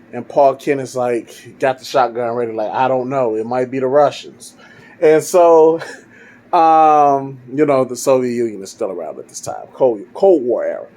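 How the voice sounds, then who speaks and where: A man casually narrating a story he wrote, wandering through it with fillers and restarts. His voice is dark and mellow, with an ordinary middle pitch. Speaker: fan fiction storyteller.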